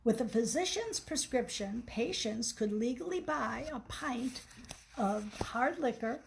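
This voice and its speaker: A woman reading aloud from her own book in a measured, explanatory way. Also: on the high side, lively intonation, creaky, slight background noise, low-quality recording. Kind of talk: storybook reading.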